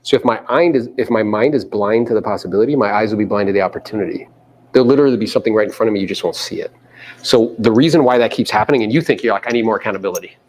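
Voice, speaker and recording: A man's voice: fairly low pitch, very fast, darkish tone, a little hiss or hum. A man giving a live motivational seminar to a room of agents, quizzing the audience and mimicking people in playful voices. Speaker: real estate coach speaking to agents.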